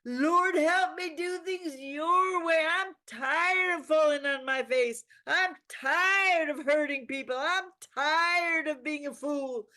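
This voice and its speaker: A woman playing a fervent Southern preacher man, crying out to God in a pleading, drawn-out way. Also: high voice, bright, forceful tone, pitched above the performer's own voice, heavily acted. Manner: impassioned, pleading, drawn-out cries.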